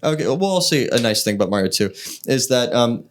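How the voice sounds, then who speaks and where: A man's voice: mid-range voice, expressive, fairly quick, slight background noise. A man co-hosting a podcast in casual chat, rambling with lots of fillers and restarts. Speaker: podcast co-host.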